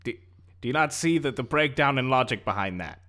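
A man chats playfully as a player in a tabletop game, joking and easily excited. His pitch jumps around a lot while his average pitch stays in the middle. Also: brisk.

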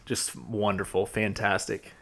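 A man's voice: fairly low pitch, little pitch movement, measured pace, gravelly, a bit bright. A young man from Georgia with a South Georgia accent, co-hosting a podcast and eagerly recapping scenes in casual chat. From Georgia, USA. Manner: enthusiastic, recaps scenes with quotes. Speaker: podcast co-host.

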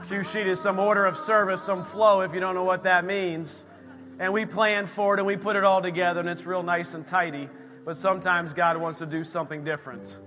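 A man's voice: sits high, sharp tone, in a large hall. A man leading worship, speaking to a church congregation in an upbeat, encouraging way. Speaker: worship leader. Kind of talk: casual church announcements.

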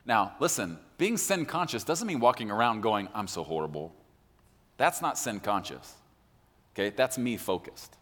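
A man preaching a sermon as a pastor, talking straight to his congregation with animated emphasis. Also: mid-range voice, normal speed, big-room sound. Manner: animated, addresses the congregation directly.

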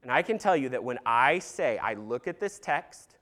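A man's voice: mid-range voice, sing-song, moderate pace, fairly bright tone. A man preaching an earnest sermon in a conversational way, with casual fillers and some humor. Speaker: pastor.

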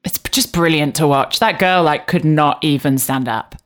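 A woman's voice: sits low, moderate pace. A woman co-hosting a podcast, chatting casually and bluntly, swearing freely as she gossips about a show. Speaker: podcast co-host recapping a reality show. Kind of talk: casual chat.

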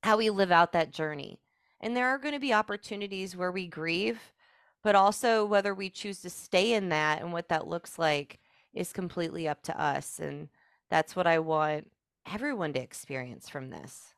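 Woman, podcast guest, heartfelt, chatty with fillers, smooth tone, low-ish pitch. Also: moderate pace, a bit bright, dry recording, clean studio sound. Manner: earnest and heartfelt, with many "like" fillers. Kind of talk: emotional personal storytelling.

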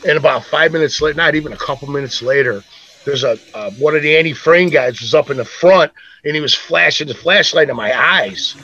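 A man's voice: on the high side, brisk, muffled recording. A man telling a rowdy story as a podcast co-host, swearing freely and acting out the voices of the people in it. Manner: profane, animated, acts out quoted voices. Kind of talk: casual storytelling.

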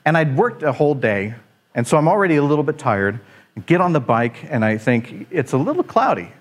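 A man, preaching a sermon full of humorous, self-deprecating stories, rambling and animated with frequent restarts. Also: medium pitch, a little fast.

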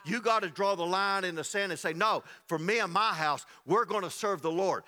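A man preaching a sermon as pastor, telling a scripture story in an animated way, acting out its people and building to loud, rising passages. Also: sits high, a little fast, few pauses. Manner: acts out the voices of the people in the story.

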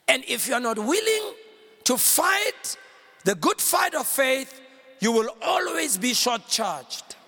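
A male pastor preaches with fire, shouting lines and pulling call-and-response from the crowd. His voice sits very high with a sharp, forceful edge. It is recorded with the long echo of a big hall. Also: very animated, slow. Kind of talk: sermon.

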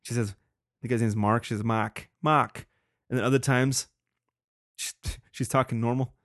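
A man's voice: medium pitch, fairly even intonation, brisk, no echo, clean studio sound. A young man hosting a casual solo podcast, rambling with lots of swearing and laughing. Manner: profane, rambling, laughs often. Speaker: podcast host.

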